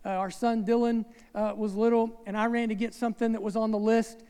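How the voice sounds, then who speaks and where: A man's voice: sits high, little pitch movement, fairly quick, warm tone, clear, resonant tone. A man preaching a sermon in a conversational way, with asides and rhetorical questions to the congregation. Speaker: pastor. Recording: long reverb of a large hall.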